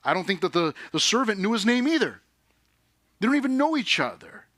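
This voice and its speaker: A man preaching a sermon in a conversational, energetic way, often dropping to a hushed tone for emphasis. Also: sits high, a little fast, no echo, clean studio sound. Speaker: pastor.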